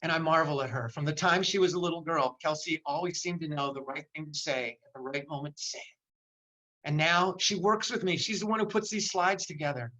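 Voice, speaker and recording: Impassioned older man, bright voice. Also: on the high side, a little fast, poor audio. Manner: impassioned, emotional, repeats for emphasis. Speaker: motivational speaker. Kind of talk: virtual seminar talk. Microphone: video call.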